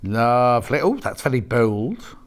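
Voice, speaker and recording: A man hosting a live shopping channel, chatty and jokey and quick to laugh. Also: mid-range voice, sing-song.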